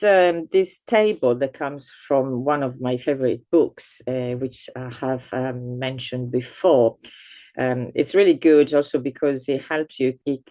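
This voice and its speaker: A woman's voice: a bass voice, mellow, no room sound. A woman teaching an online grammar lesson, patiently walking through a table and reading verb forms out carefully. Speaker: language teacher.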